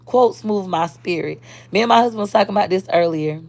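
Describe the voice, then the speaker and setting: A woman's voice: mid-range voice, fairly quick, darkish tone, dry recording. A woman, talking casually and bluntly on a live stream as a social media creator, answering viewer comments.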